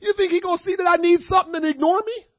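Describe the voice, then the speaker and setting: Man, preacher, high voice, dry, dull lo-fi sermon audio. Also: steady tone, racing, dry recording. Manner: swings from low murmurs to shouted preaching; calls out to the congregation. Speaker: pastor.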